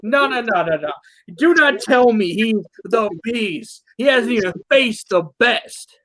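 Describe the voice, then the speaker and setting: A man hosting a backyard wrestling talk show, cutting a brash, mocking promo that swings between mumbled asides and shouts. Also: very high voice, animated, unhurried, no room sound, low-quality recording. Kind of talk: trash-talking wrestling promo.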